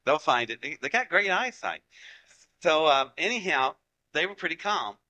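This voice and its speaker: A man in his forties from Ohio, United States, tells a folksy story to an audience, acting out what people said. His voice is fairly high, pushed and bright, very animated, at a moderate pace, and the audio is poor.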